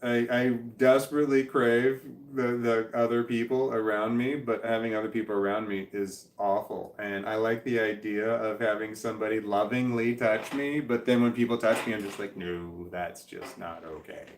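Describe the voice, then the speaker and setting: A man casually reading viewer comments aloud on a stream at home, halting, repeating words and stumbling over names as he goes. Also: medium pitch, level tone, roomy sound, slight background noise. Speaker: vlogger reading chat comments. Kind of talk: casual livestream chat. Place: indoors at home with his dog. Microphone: webcam.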